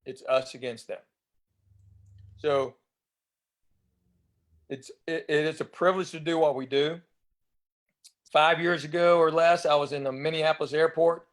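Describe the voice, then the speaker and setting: A man's voice: a little high, fairly even intonation, normal speed, long pauses. A man in his fifties with a Southern US accent, a comedian chatting as a guest and telling rambling stories. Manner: chatty, rambling, acts out other people's lines. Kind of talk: casual anecdotal storytelling.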